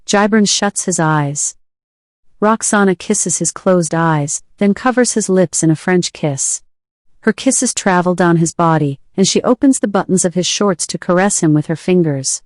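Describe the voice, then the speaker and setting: A woman reading a short story aloud in a measured, even way. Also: lowish voice, no echo, clean studio sound. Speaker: reader.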